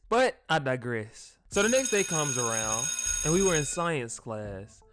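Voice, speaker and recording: A young man narrating a comedic storytime, slangy and animated, dropping into low asides and jumping to high yelps. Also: measured pace, few pauses, background noise.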